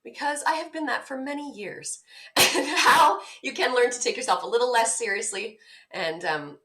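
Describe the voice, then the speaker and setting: A bubbly, enthusiastic woman chats as an interview guest in her morning voice. Her tone is bright and forward. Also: on the high side, lively intonation, normal speed. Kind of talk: casual interview chat. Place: home.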